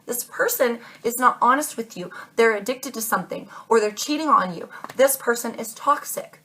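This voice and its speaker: A woman's voice: fairly high pitch, lively intonation, moderate pace, hardly any pauses, bright, forceful tone, slightly rough. A woman giving a tarot reading to her viewers, earnest and insistent, repeating her points and calling listeners babe and darling. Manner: emphatic, insistent advice. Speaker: tarot reader.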